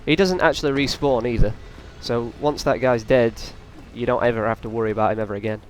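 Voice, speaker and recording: A man's voice: medium pitch, fast, slight background noise. Chatty man doing let's play commentary. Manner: casual, rambling, taunts enemies on screen. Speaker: gaming channel host.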